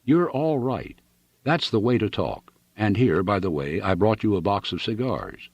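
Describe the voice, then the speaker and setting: A man's voice: on the low side, expressive, a little slow, darkish tone, slightly rough, dry recording, heavily acted. A man voicing a refined, awkward young male poet who fumbles for words. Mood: earnest.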